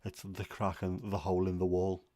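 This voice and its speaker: Casual chat fills this relaxed livestream, led by a male host whose fairly low voice carries a lilt. Slightly rambling and openly opinionated, he pauses often with an "um." The sound is dry and close, with no echo.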